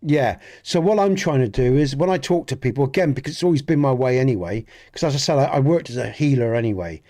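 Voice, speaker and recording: A man's voice: medium pitch, lively intonation, fast, warm tone. A man with a Dorset accent chatting with live viewers while streaming a game, talking in an earnest, rambling way and often restarting his sentences. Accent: Dorset English. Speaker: gaming streamer. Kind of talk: casual chat with live viewers.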